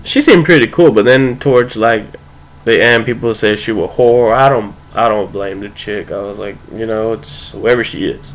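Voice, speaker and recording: Rambling young man, lowish voice. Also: moderate pace, low-quality recording. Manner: rambling, filler-heavy, profane, with lots of "like" and "you know". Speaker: storyteller. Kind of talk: casual rambling anecdote.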